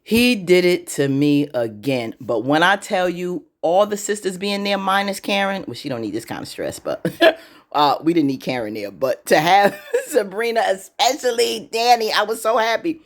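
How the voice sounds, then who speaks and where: A woman vlogger in casual chat, animated and slangy, acting out the characters as she talks. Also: mid-range voice, moderate pace. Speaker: vlogger recapping a TV episode.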